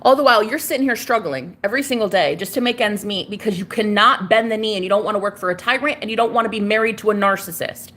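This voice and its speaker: A woman's voice: mid-range voice, fast, few pauses, fairly bright tone. A woman in her thirties ranting in a casual monologue, sassy, emphatic and full of swearing. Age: 30s.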